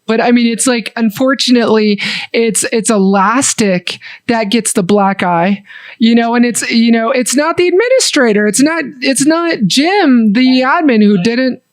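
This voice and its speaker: A woman's voice: fairly high pitch, dry recording, studio quality. A woman hosting a casual interview, talking in a loose, chatty way with many fillers and restarts. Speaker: interview host. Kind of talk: casual video call interview.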